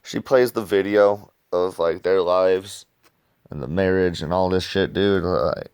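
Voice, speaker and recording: A man's voice: low voice, measured pace, a little mellow, clean tone, no room sound, studio quality. A man casually reviewing comics in rambling, slangy talk, throwing in "dude" and swearing freely.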